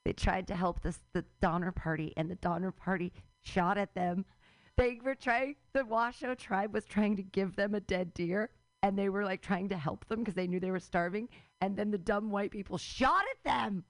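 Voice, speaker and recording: A woman's voice: mid-range voice, moderate pace, no echo, rough recording. A woman hosting a comedy open mic, chatting between acts and bringing up the next comic with cheerful introductions. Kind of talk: emceeing a comedy night.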